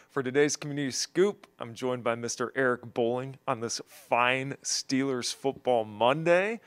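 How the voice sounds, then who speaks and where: A man's voice: medium pitch, no echo. A man opening a school news segment in a formal, announcer-like delivery. The recording is dry and close. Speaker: student news host.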